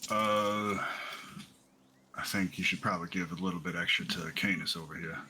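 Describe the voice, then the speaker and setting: Male player, very deep with a bright edge, relaxed, faint noise. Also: normal speed. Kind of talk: casual tabletop play.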